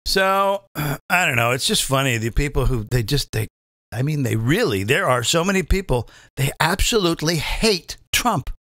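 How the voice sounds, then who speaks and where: A man's voice: a little high, very animated, normal speed, a bit bright, no room sound, studio quality. A male comedian hosting, delivering a profane, combative political rant and often asking the audience to agree. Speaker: comedian host.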